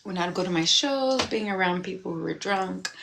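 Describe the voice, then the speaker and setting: A woman in her thirties talking candidly on a livestream, reflective and confessional, breaking into animated bursts and laughs. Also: fairly low pitch, moderate pace, gravelly, noisy background. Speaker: livestream host. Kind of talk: casual livestream talk. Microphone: phone.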